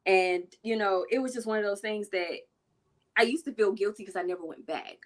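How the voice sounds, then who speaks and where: A young woman, telling a lively story in casual chat and acting out voices in her quotes. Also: fairly quick. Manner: animated, acts out quotes with big pitch jumps. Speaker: self-defense business owner, guest.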